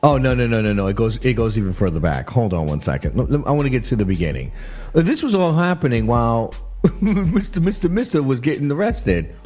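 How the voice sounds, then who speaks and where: A male radio host talks through viral clips in a loose, chatty manner, laughing often and circling back on his words. His pitch swings widely as he reacts. Soft music plays low behind him. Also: a little fast. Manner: animated, laughing, repeats himself. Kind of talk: casual commentary on clips.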